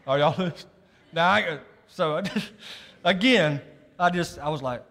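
Folksy preacher in a big hall. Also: male voice, fairly high pitch, moderate pace, a bit bright. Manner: folksy, laughs at his own story, often checks in with the audience. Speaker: pastor. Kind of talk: storytelling sermon. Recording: long reverb of a large hall.

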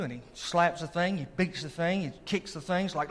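Animated preacher in a hall. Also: male voice, fairly high pitch, fairly quick, few pauses. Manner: animated preacher, asks the congregation if they are listening. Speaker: pastor. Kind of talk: sermon. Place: church sanctuary. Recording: long reverb of a large hall.

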